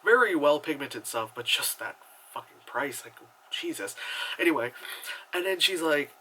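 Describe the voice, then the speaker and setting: Bright-voiced man ranting about a movie. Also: on the high side, lively intonation, normal speed, a little hiss or hum, low-quality recording. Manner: chatty and rambling, heavy on filler words and swearing; exasperated and sarcastic. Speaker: movie reviewer. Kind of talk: casual spoken movie review.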